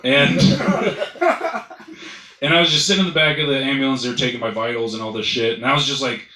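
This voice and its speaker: A man's voice: mid-range voice, moderate pace, sharp tone, reverberant, low-quality recording. A man doing stand-up, telling a rambling, profane story and laughing at his own jokes. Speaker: stand-up comedian.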